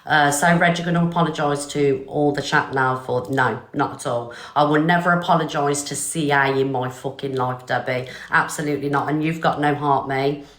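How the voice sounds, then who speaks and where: A woman's voice: deep voice, fairly even intonation, moderate pace, few pauses, reverberant. An older woman hosting a live stream, talking bluntly and defiantly with swearing. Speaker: livestream host.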